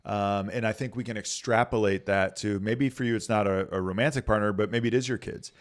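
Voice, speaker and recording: A man's voice: on the low side, steady tone, a little fast. A man, a pastor, talking casually and earnestly on a podcast, telling stories with many filler words.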